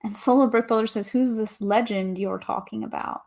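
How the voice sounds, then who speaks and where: A woman's voice: a little high, steady tone, normal speed, gravelly, darkish tone. Cheery young woman, livestream host, chatty, reading out viewer comments. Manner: upbeat, reads viewer comments aloud. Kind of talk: casual livestream chat.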